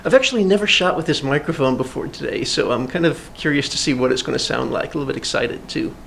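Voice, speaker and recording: A man's voice: medium pitch, animated, fast talker, creaky, a bit bright. A man who teaches video production, giving a plain, methodical demonstration in a classroom and asking the viewer questions. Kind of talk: instructional demonstration. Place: indoor classroom with air conditioning. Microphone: lavalier, shotgun and camera mics at varying distance. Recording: faint room noise, mic changing distance. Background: air conditioning hum and light cooling fan.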